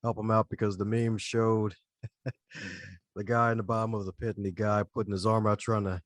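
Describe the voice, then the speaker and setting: A man hosting a podcast interview, chatty and quick to laugh. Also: fairly low pitch, little pitch movement, no room sound. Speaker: podcast host. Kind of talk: casual interview chat.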